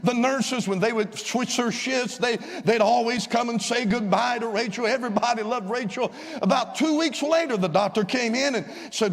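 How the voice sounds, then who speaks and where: A man, a visiting evangelist, telling a story in a fervent revival sermon that rises to shouts of praise, recorded in a church. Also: extremely high pitch, moderate pace, gravelly, hardly any pauses. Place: church sanctuary. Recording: long church-hall reverb.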